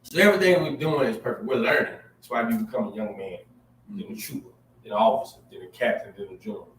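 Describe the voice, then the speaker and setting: A man co-hosting a sermon, reading scripture and exhorting with energetic, exclamatory interjections. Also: medium pitch, quick pace, slight background noise. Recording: echoey room, mic at a distance.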